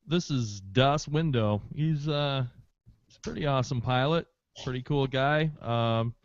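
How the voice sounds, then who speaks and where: Smooth-voiced man playing a tabletop game. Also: medium pitch, measured pace, dry recording, lo-fi sound. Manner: casual, joking, boastful in character. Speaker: player.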